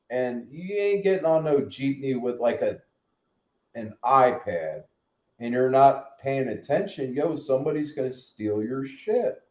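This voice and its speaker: Joking slangy man in an echoey room. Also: medium pitch. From United States. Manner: animated, joking, slangy, with loud whoops. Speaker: vlog live stream host. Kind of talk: casual live-stream chat.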